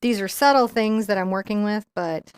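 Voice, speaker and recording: A woman's voice: medium pitch, normal speed, smooth, no room sound. Chatty woman teaching painting. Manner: chatty, laughs often, rambling asides. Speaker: painting instructor. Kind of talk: live painting tutorial.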